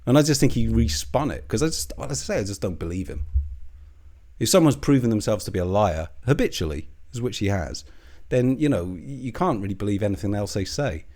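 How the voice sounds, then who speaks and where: A man's voice: fairly low pitch, lively intonation, fairly quick, darkish tone. A man hosting a commentary channel, ranting with heavy swearing and scorn. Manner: profane and scornful, lots of swearing.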